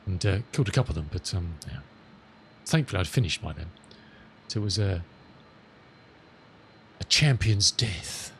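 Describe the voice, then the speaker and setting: A middle-aged man chatting casually with viewers as a live streamer, rambling and amused, reading radio calls slowly. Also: low-pitched, expressive, fairly bright tone, a little hiss or hum. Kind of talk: casual chat with viewers while flying.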